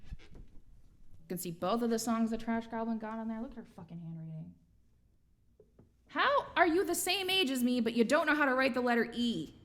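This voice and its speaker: A woman with a fairly high voice chats on a live stream between songs. She is playful and rambling, thinking out loud as she goes. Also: normal speed, long pauses. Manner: playful and rambling, musing aloud. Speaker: streamer and singer.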